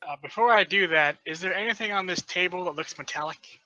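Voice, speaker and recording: Bright, higher-voiced man playing a tabletop game. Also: fast, no echo, poor audio. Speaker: player.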